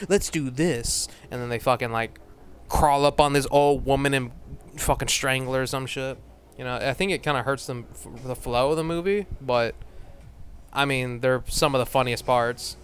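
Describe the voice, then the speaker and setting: A man's voice: medium pitch, a bit bright, clean tone. A man ranting in a casual, rambling way, blunt and full of swearing, laughing often and trailing off into mumbled asides. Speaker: vlogger.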